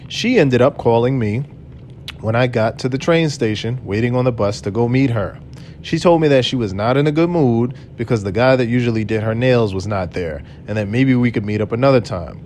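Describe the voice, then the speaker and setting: A man recounts a personal story in an earnest, aggrieved way, reading his own messages aloud. His voice sits at an ordinary middle pitch. A faint low rumble runs underneath. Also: a little fast, darkish tone. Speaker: channel host telling his own story.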